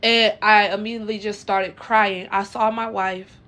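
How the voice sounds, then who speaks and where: A woman telling her own story to her viewers in a casual, earnest way, rambling and halting with lots of fillers and restarts. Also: mid-range voice, flat delivery, bright, forceful tone. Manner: earnest and emotional.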